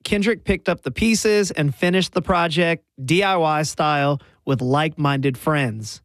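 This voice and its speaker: A man's voice: on the high side, unhurried, fairly bright tone, dry recording, clean studio sound. A man from Alabama with a Southern accent, hosting a music show on the radio in a friendly, conversational way. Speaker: radio host.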